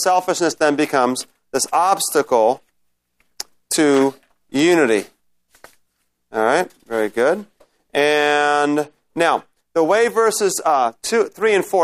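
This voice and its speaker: Leading a Bible study class, a man with a fairly high-pitched voice talks conversationally, frequently checking in with his listeners and restarting his sentences.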